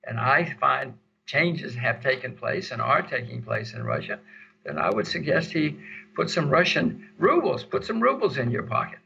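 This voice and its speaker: A man's voice: medium pitch, creaky, bright, forceful tone. An older man answering interview questions emphatically, repeating words for stress, on dull lo-fi audio. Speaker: interview guest.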